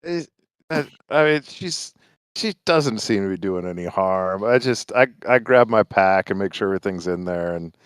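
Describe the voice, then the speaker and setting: A man's voice: lowish voice, lively intonation, normal speed, smooth, dry recording, clean studio sound. A man playing a tabletop game, speaking hesitantly with many restarts. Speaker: player. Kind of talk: casual in-character play.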